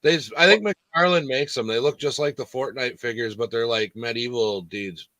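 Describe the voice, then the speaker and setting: An easygoing man hosting a live stream, with a bright, forceful voice. He talks loosely and rambles through his questions. The sound is dry and close. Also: mid-range voice, normal speed, no room sound. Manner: easygoing, full of "like" and "dude". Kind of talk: casual chat.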